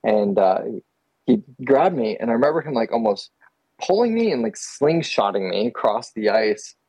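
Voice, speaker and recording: Man, from Texas, casual storytelling, husky mellow voice, dry close sound. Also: medium pitch, moderate pace, dry recording, poor audio. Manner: animated, laughing, many fillers. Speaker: guest photographer.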